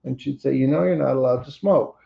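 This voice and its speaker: A man's voice: mid-range voice, fairly quick, gravelly, dull audio. An older man wryly telling his daughter a personal story over a computer call. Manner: wry, plainspoken storytelling.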